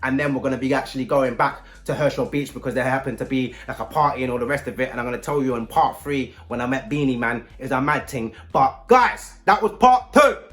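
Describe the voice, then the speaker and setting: A man telling a casual storytime vlog. He uses heavy slang and often bursts into loud shouts. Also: mid-range voice, brisk, few pauses. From London. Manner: slang-heavy and animated, breaking into loud outbursts. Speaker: vlogger.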